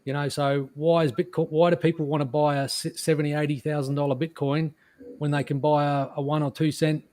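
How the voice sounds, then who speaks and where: A man on an online call, rambling casually with lots of repeated words and trailing, quieter asides. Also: little pitch movement, brisk, no echo. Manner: rambling, repeats words, drops his voice low. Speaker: guest on a crypto stream. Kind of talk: casual chat.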